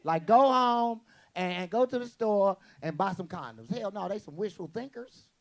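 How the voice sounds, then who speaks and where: Brash profane stand-up man with a gravelly voice. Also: high-pitched, expressive. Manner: brash, profane, quick punchy delivery with acted-out quotes. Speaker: stand-up comedian. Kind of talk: stand-up comedy set. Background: audience laughter.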